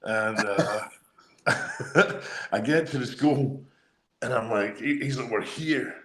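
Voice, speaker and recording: A man's voice: medium pitch, slow, a bit bright, reverberant, poor audio. A Scottish man, a former wrestler, telling a story as a guest, swearing often and laughing through it. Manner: profane, laughing anecdotes. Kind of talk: casual storytelling.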